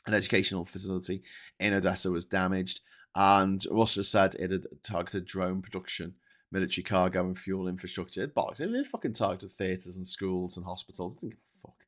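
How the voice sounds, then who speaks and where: A man's voice: deep voice, a little fast, fairly bright tone. A man hosting a live news commentary show, sweary and ranting, with enthusiastic digressions as he reacts to viewer chat. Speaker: host.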